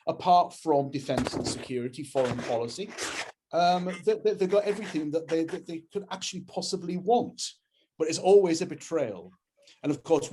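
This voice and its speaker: A man's voice: medium pitch, darkish tone, a little hiss or hum. An Englishman with an English accent, giving an earnest, opinionated political talk over a video call, with frequent restarts. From England. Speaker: campaigns head speaking at a webinar.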